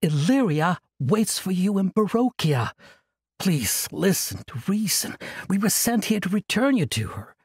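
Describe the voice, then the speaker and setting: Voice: mid-range voice, big pitch swings, a little slow, a little mellow, slightly rough, dry recording, clean studio sound, pitched above the performer's own voice, exaggerated voice. An earnest, pleading companion, as a man puts it on.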